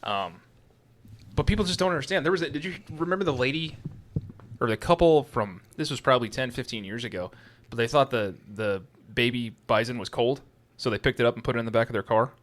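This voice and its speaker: Agreeable, chatty podcast co-host man. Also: medium pitch. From South Dakota. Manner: chatty, agreeable, fills in with quick yeahs and facts. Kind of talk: casual sports podcast banter.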